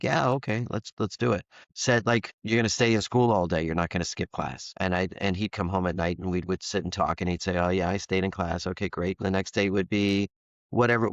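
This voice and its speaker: A man's voice: low voice, dry recording, lo-fi sound. A man in his fifties, a foster parent, telling a candid personal story in an interview and acting out the dialogue. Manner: earnest, candid, acts out quoted dialogue.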